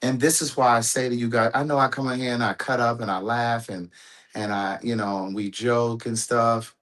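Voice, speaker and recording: A man's voice: mid-range voice, flat delivery, moderate pace, fairly bright tone. A man hosting a home livestream, telling a personal story in a rambling way, with restarts and asides to his audience. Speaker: livestream host. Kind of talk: casual storytelling to viewers.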